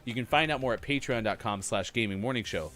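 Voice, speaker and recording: A man's voice: mid-range voice, quick pace, fairly bright tone, soft background music. A man co-hosting a morning gaming stream, reading out player scores in an upbeat announcer way. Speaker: morning show co-host. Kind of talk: live-stream game commentary.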